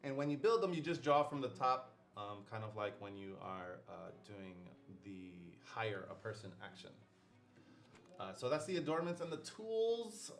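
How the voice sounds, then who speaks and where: Playful man hosting a live unboxing. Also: reverberant. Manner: playful, jokey home-shopping pitch. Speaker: host.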